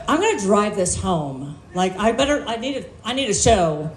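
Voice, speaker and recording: A woman's voice: medium pitch, sing-song, normal speed, few pauses, background noise. Brash profane woman doing stand-up. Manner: brash, profane, self-mocking storytelling. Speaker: stand-up comedian. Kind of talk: stand-up set. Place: distillery bar stage. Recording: echoey live room.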